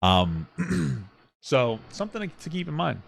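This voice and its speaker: Animated sarcastic male podcast co-host. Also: fairly high pitch, unhurried, creaky, background noise. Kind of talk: casual reaction chat.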